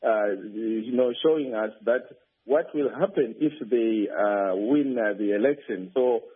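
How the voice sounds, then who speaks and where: A man's voice: mid-range voice, a little slow, breathy edge. A male field reporter phoning in a news report, speaking hesitantly with many fillers and restarts. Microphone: telephone. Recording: tinny phone line.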